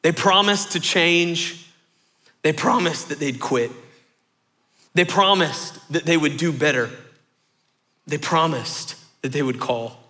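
A man in his thirties preaching a sermon, telling a story in lively fashion and repeating phrases for rhythm. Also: fairly high pitch, slow pace, long pauses. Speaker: pastor.

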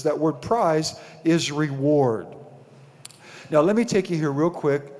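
A man's voice: a little high, darkish tone. A man preaching a sermon as pastor of his church, building to emphatic peaks and tossing questions to the congregation. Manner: preaching with rising emphasis and call-and-response questions. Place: church sanctuary. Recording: long hall reverb.

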